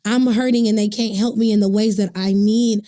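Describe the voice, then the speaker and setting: A woman's voice: mid-range voice, moderate pace. A woman co-hosting a casual podcast chat, telling personal stories with feeling, talking straight to listeners as y'all and adding faith-filled asides. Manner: animated storyteller addressing listeners as y'all. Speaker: podcast co-host.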